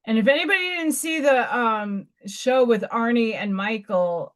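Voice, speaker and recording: A woman's voice: on the high side, measured pace, hardly any pauses. A woman with a New York accent hosting a live stream, chatting casually and rambling with many restarts. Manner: rambling, loose chat with many restarts and fillers. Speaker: livestream host.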